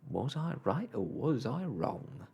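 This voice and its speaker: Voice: mid-range voice, wildly swooping pitch, a little slow, vocal fry, husky, pitched above the performer's own voice, full character voice. A reader in a whispered role-play voicing a rude, gloating old male starling in a storybook, jeering and taunting.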